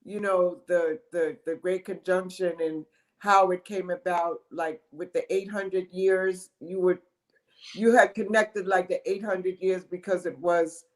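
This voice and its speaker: A man hosting a podcast, chipping in short affirmations and asking halting questions. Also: high-pitched, fairly even intonation, low-quality recording. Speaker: podcast host. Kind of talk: casual interview.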